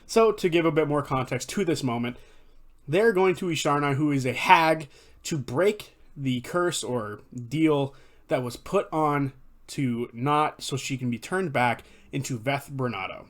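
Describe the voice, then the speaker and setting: A man's voice: a little high, unhurried. A man giving casual, enthusiastic video commentary, recapping favorite moments, swearing freely and correcting himself as he goes. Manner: enthusiastic, profane, rambling with self-corrections. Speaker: fan commentator.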